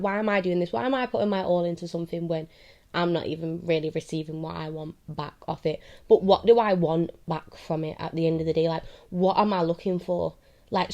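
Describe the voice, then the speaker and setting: A woman's voice: fairly low pitch, mellow, highs cut off. A young woman vlogging a candid, confessional monologue, rambling and often checking that the listener follows her. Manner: rambling, keeps asking "do you know what I mean".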